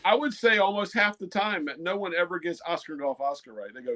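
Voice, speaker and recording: A man's voice: high voice, fairly quick, few pauses, pushed and bright. Man telling a story on a panel. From United States. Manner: storytelling, a little repetitive. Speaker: guest presenter. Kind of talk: casual panel chat.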